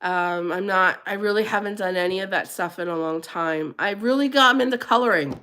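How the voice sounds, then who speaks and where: A middle-aged woman hosting a casual livestream chat, animated and laughing often, going high and squealy when she quotes herself. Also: normal speed. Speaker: livestream host.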